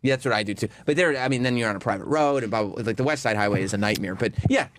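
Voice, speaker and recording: A man hosting a talk radio show, joking in fast, wry banter in a radio studio. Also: mid-range voice, a bit bright, slight background noise. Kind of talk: casual studio chat.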